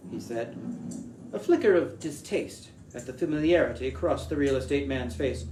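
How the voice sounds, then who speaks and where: A man reading a short story aloud as storyteller, in a measured, deliberate way. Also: medium pitch, darkish tone. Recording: echoey room with faint hiss.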